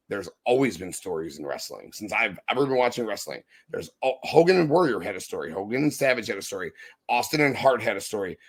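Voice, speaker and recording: A man's voice: medium pitch, vocal fry. A man co-hosting a podcast, delivering a heated, profane wrestling review rant. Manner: profane, impassioned, ranting. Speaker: podcast co-host.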